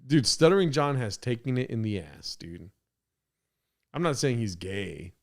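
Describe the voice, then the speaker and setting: A man hosting a podcast, reacting to a clip with crude, excitable, rambling commentary. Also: mid-range voice, measured pace. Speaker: podcast host.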